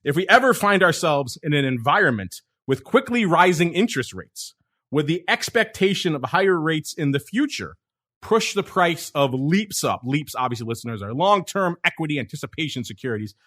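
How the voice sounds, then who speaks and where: A bright, forceful-sounding man hosting a casual podcast. He talks with energy, rattling through listener questions and side comments in a loose, chatty flow. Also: a little high, moderate pace. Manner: energetic, talkative, reads listener questions aloud. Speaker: podcast host.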